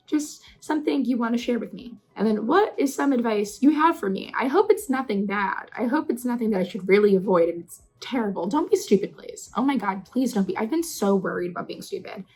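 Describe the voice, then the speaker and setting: Young woman in her twenties, breathy, earnest vlog chatter to camera. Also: on the high side, rough recording. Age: 20s. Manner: chatty, earnest, rising into excited questions. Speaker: vlogger. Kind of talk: casual talking-to-camera vlog.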